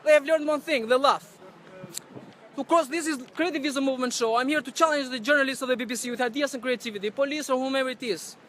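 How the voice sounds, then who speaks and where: Guy with a really high voice yelling accusations into his phone outside, rapid-fire, non-native english, keeps repeating himself. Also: a little hiss or hum. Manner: loud, accusatory, repetitive ranting. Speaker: activist street vlogger confronting staff. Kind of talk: livestreamed street rant to camera. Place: outdoors on a city street by a building entrance. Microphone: handheld camera or phone he speaks into.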